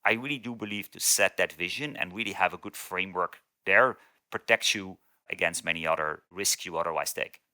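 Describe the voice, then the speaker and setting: A man's voice: deep voice, fairly quick, sharp tone, dry recording. A man, a consulting partner, giving a business interview and laying out steps one by one. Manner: structured, lists steps methodically.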